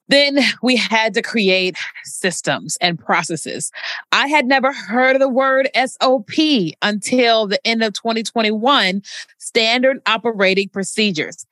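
A woman's voice: mid-range voice, a bit bright, dry recording, clean studio sound. A woman hosting her own podcast, talking casually in an emphatic, colloquial storytelling way. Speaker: podcast host. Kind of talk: casual solo podcast talk.

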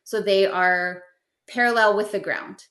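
A middle-aged woman talks a listener through a simple practice in a gentle, step-by-step way. Her voice sits at a middle pitch for a woman. The room gives her voice a noticeable echo. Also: steady tone, measured pace. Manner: gentle, instructive, step-by-step guidance. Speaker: guest teaching spiritual practice. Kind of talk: explanatory podcast chat. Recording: roomy echo.

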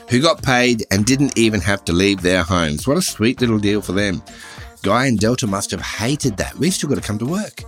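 An Australian man hosting a comedy podcast, delivering a scripted satirical monologue in a sardonic, wry way. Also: lowish voice.

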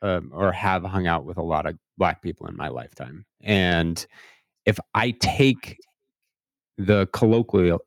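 A male podcast host talking in a reflective way, restarting phrases and slowing down to stress his points. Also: low voice, creaky, no echo, studio quality. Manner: reflective, searching for words, repeats himself, slows down to stress points. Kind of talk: casual podcast conversation.

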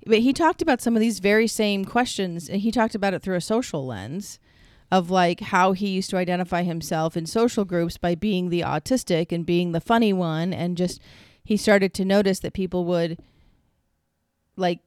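Earnest woman with a smooth voice. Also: lowish voice, moderate pace, a little mellow, no echo, studio quality. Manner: earnest, reflective explaining with many restarts; flustered and laughing when teased. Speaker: podcast co-host. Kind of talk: casual chat.

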